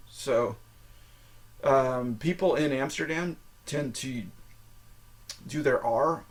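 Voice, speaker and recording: Host: American man, mid-pitched, casual and halting, filler-heavy phrase practice. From United States. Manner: halting, repeats phrases, sprinkles "like" and "um". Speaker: podcast host. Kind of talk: casual language-learning monologue.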